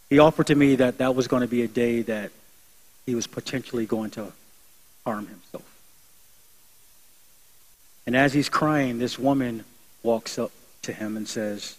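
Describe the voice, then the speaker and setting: A man's voice: medium pitch, a little mellow, poor audio. Man, young adult, pastor, earnest conversational sermon, builds to emphatic peaks.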